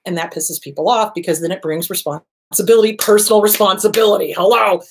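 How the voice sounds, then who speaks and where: A woman's voice: mid-range voice, quick pace, slight background noise. A woman hosting a talk show, giving casual therapy advice and acting out inner voices and quotes.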